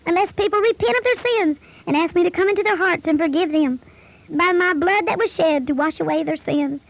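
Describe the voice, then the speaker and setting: A woman voicing a gentle, solemn male divine speaker in a measured, consoling manner. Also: extremely high pitch, vocal fry, no room sound, poor audio.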